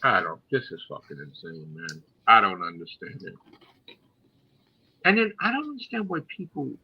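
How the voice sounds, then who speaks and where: A man's voice: lowish voice, wildly swooping pitch, moderate pace, slightly rough, muffled recording. An American man ranting in a casual chat, swearing a lot. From United States.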